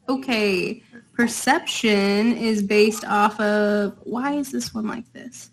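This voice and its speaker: A woman's voice: on the high side, steady tone, takes it slowly, a little hiss or hum. A woman playing a tabletop game, chatty and joking. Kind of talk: casual chat.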